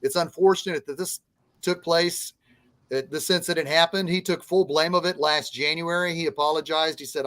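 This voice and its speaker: Male podcast co-host, fairly high voice, dry close sound, earnest sports talk. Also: steady tone, a bit bright, no room sound. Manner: earnest, measured analysis with fillers. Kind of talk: casual sports chat.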